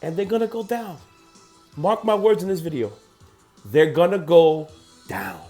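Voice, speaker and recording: Heated, profane New sports ranter. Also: male voice, a little high, unhurried, darkish tone, soft background music. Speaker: sports podcast host. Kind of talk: ranting sports commentary.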